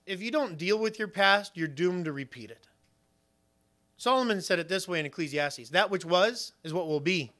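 A man preaching a sermon, retelling scripture with lively storytelling and acted-out voices. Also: sits high.

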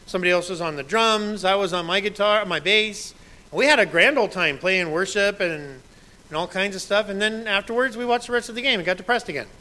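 A man's voice: high-pitched, fairly quick, sharp tone, low-quality recording. A man in his thirties, a pastor preaching a sermon in a conversational way, quoting scripture with emphasis.

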